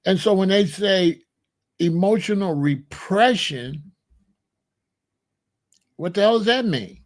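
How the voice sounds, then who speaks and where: Host, male, higher-pitched voice, emphatic rhetorical delivery, casual talk. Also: animated, takes it slowly. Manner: emphatic, rhetorical, repeats points. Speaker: commentary host. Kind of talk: casual spoken commentary.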